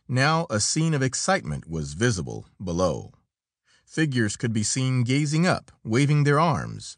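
An audiobook narrator, male, reads an adventure story in a dramatic style, his pitch rising and falling a great deal. This scripted narration is recorded dry and close, with no room echo.

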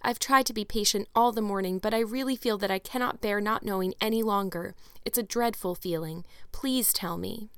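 A woman's voice: on the high side, animated, fairly quick, no echo, lightly acted. A woman voicing an eager, talkative orphan girl of about eleven who speaks in an imploring, dreamy way.

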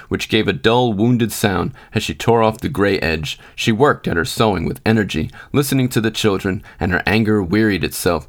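A man narrating a classic short story for a podcast in a steady, measured reading. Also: on the low side. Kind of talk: scripted narration.

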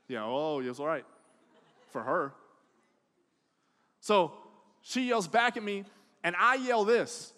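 A high-pitched man with a drawl preaches a lively sermon. He drops to a hush, then builds to loud, acted-out quotes. His voice rings with a long hall reverb. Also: normal speed, pauses often. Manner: animated, swings from hushed to loud, acts out quotes. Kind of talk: sermon with storytelling.

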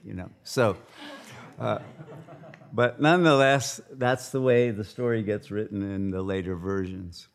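A man's voice: lowish voice, unhurried. A man giving a casual spiritual lecture, retelling an epic with many fillers and restarts. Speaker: spiritual teacher.

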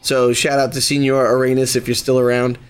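Animated young man telling a story. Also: mid-range voice, fast talker, clear, resonant tone. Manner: animated storyteller, acts out quoted voices. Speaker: podcast co-host. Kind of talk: casual storytelling.

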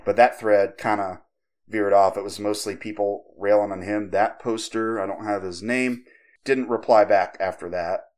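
A man hosting a podcast, casually telling a creepypasta story with profanity and lively quoted voices. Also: on the low side, moderate pace. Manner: conversational, profane, animated when quoting others. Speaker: podcast host.

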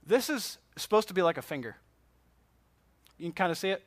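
Man, Bible class teacher, fairly high voice, dry close sound, chatty lecture, questions to the room. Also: very animated, fairly quick, no echo. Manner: conversational, asks the class questions.

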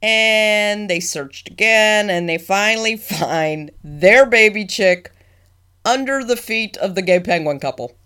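A woman's voice: medium pitch, slow pace, clear, resonant tone. A woman co-hosting a podcast in casual chat, telling stories with laughter and acting out voices. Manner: laughing, animated storyteller who acts out voices. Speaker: podcast co-host.

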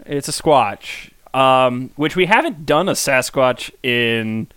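A man's voice: medium pitch, lively intonation, slow pace, fairly bright tone, clean tone, no echo. A man co-hosting a podcast in casual, rambling chat with lots of ums. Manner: chatty, rambling with many ums. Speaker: podcast co-host.

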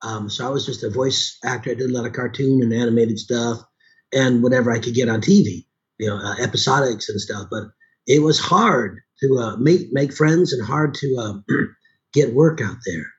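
A man's voice: medium pitch, normal speed, highs cut off. A middle-aged man from Chicago, a voice actor nursing a sore throat, chatting casually with many restarts and asides. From Chicago, USA. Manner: rambling, with frequent restarts. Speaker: voice actor and audiobook narrator. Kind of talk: casual conversation.

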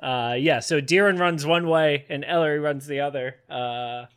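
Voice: medium pitch, moderate pace, a bit bright, clear, resonant tone. A player in a tabletop game chatting casually, joking and loose.

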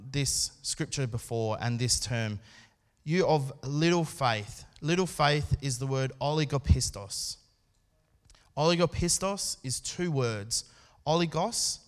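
A man preaching a sermon at a church service, speaking in an earnest, conversational way with pauses and restarts. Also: a little high. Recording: long hall reverb.

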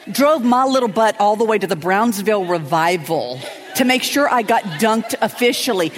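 Animated woman telling stories in a hall. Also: normal speed, a little hiss or hum. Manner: animated, acts out friends' voices with big pitch jumps. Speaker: pastor's wife speaking at a women's church event. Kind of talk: lively storytelling talk. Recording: hall reverb, from stage mic.

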